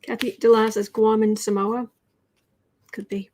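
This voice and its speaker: A woman's voice: on the high side, level tone, a little slow, slight background noise. A woman hosting a tarot livestream, chatting casually and reading out viewer comments. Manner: soft-spoken, cooing to a pet cat between readings. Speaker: tarot reader and livestream host.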